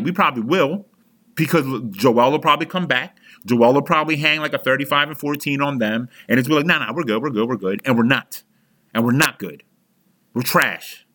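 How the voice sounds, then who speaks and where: Bright and forceful at medium pitch, a young podcast host vents as a frustrated sports fan. His angry rant is heated, full of profanity, and broken by frequent restarts.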